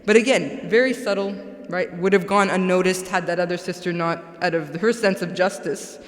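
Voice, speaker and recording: A guest speaker gives a conversational religious talk to a congregation in a large mosque hall, often checking in with "right?" Her voice is lowish and her speed normal. The hall is echoey, with long reverb.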